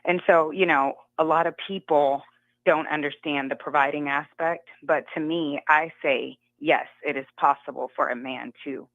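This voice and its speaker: A middle-aged woman calling in to a radio show, giving her view in an earnest, measured way. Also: low voice, fairly even intonation, no room sound. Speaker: caller. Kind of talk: phone-in opinion. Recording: dull lo-fi phone line.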